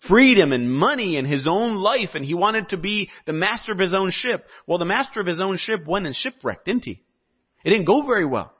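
Male preacher, sermon, lively and conversational, fairly high voice, dull lo-fi recording. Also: breathy edge. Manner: animated and conversational, with joking asides.

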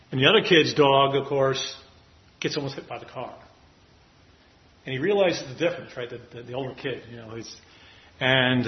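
A man teaching a Bible passage in a casual, rambling way, often asking "right?" and chuckling. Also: medium pitch. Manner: rambling, many "right?" and "you know" asides, chuckles. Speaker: preacher teaching a Bible study. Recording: muffled lo-fi recording.

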